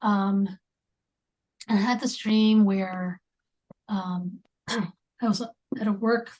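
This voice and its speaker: A woman talks as a guest in a relaxed interview. Her voice sits at an ordinary middle pitch. Her speech comes in halting stretches full of ums and restarts, and sometimes it sinks to near-whispers. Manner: halting, with many fillers and restarts; drops into near-whispers at times. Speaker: podcast guest. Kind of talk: conversational interview.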